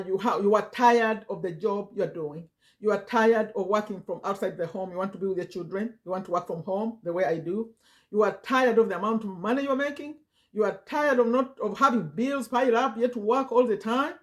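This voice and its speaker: A woman in her fifties speaks to her viewers from home in a motivational vlog. She repeats her points and presses them home in a coaxing way. Her voice sits in an ordinary middle pitch. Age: 50s. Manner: repetitive, emphatic, coaxing. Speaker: affiliate marketing vlogger. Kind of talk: motivational direct-to-camera talk.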